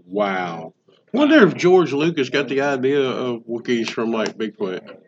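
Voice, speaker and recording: A man's voice: mid-range voice, very animated, a little slow. A man hosting a podcast, joking and rambling in casual chat. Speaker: podcast host. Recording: dull lo-fi sound.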